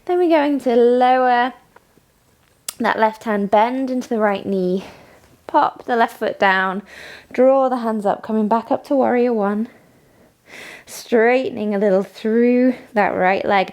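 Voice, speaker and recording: A woman leading a morning yoga class, giving calm step-by-step cues and frequent praise. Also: on the high side, measured pace. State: has the hiccups. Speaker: yoga instructor. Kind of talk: guided yoga class instruction.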